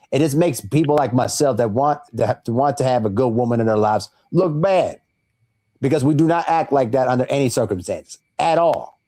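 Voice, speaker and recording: A male podcast co-host with a mellow, warm-toned voice gives blunt, dismissive commentary. He peppers his talk with "bro" again and again. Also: mid-range voice. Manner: blunt, says "bro" constantly.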